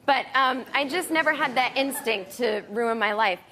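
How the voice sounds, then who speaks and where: A woman performing a stand-up comedy set on a club stage with a dry, deadpan delivery. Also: on the high side. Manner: dry, deadpan delivery with quick acted-out quotes. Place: comedy club stage before a live audience. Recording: live club recording, audience laughter and noise. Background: audience laughing.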